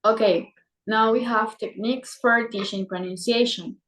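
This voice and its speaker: A woman's voice: fairly high pitch, fairly even intonation, a bit bright. A woman presenting teaching techniques, reading aloud carefully. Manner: slow, careful, read-aloud delivery. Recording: echoey room.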